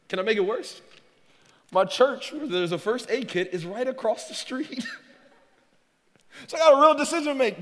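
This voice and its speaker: A middle-aged male pastor preaching a sermon, animated and joking, laughing often as he tells stories. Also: sits high. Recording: reverberant hall.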